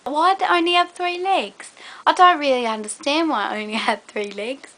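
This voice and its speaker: A woman's voice: sits high, normal speed, bright, forceful tone. A young woman chatting casually to a fellow vlogger in a put-on British accent, rambling with many fillers. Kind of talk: casual chat to a collab partner.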